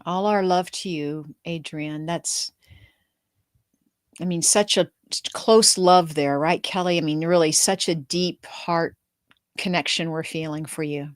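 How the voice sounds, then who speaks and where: A woman's voice: low-pitched, steady tone, a little slow, no echo, clean studio sound. A middle-aged woman hosting a show, giving spirit readings in an earnest, flowing, reassuring way. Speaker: psychic medium host.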